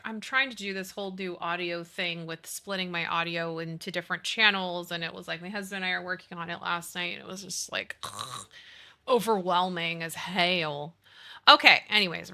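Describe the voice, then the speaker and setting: Bubbly, bright-voiced woman streamer. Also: on the low side, vocal fry. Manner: bubbly, swears freely, apologetic while fiddling with settings. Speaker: live streamer. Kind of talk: casual live-stream chat.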